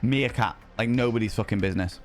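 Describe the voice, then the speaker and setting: A man's voice: lowish voice, quick pace, soft background music. A young man streaming, casually telling a rowdy night-out story, swearing freely and acting out quoted voices.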